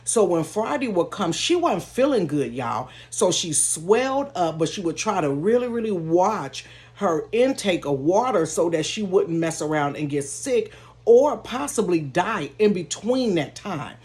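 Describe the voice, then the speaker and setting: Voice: mid-range voice, big pitch swings, a little slow, darkish tone. A vlogger telling a personal story casually and candidly from their bedroom, talking straight to viewers and laughing now and then. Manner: talks straight to viewers, calling them "y'all"; candid and emotional, with laughs in between. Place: own bedroom.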